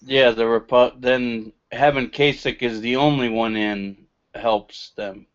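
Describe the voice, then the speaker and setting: A man co-hosts a casual live stream, reading results off screen and musing out loud. His pitch sits in the middle range. The sound is dull and lo-fi. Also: fairly even intonation, takes it slowly. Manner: reads results aloud, thinking out loud. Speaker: co-host.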